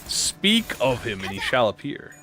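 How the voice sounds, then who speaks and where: A man giving casual gameplay commentary, excitable and joking, swearing freely. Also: mid-range voice, measured pace, soft background music. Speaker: gaming YouTuber.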